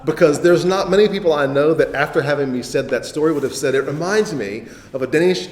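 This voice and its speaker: A man's voice: fairly high pitch, fairly quick. Affirming male host in an echoey hall. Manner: affirming, frequent interjections. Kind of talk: faith conversation. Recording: roomy hall reverb, faint ambience.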